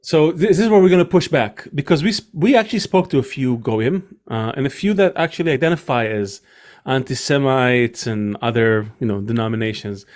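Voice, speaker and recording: A man's voice: mid-range voice, a little fast, darkish tone. A man hosting a talk podcast who reasons aloud in a casual, rambling way. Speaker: podcast host.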